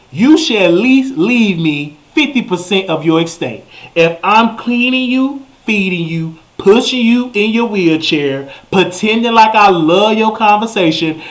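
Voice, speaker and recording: Dude hosting his show, ranting and cracking himself up, keeps jumping high when he gets worked up. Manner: animated, jumps to high exclamations, repeats himself. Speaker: talk show host. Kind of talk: comedic ranting storytelling.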